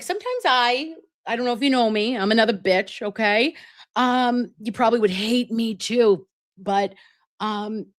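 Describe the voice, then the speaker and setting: A woman's voice: mid-range voice, dry recording. Brief: woman host, casual commentary, heated and profane, chatty with viewers, dry close sound. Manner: profane, heated ranting with sudden asides; chatty, addresses viewers directly. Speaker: host of a case news commentary show.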